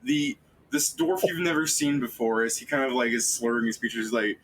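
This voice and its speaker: A man's voice: medium pitch, normal speed, fairly bright tone, breathy edge, low-quality recording. A man running a tabletop game on stream, talking casually in a rambling, profane way. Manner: rambling, profane, full of fillers. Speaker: game master.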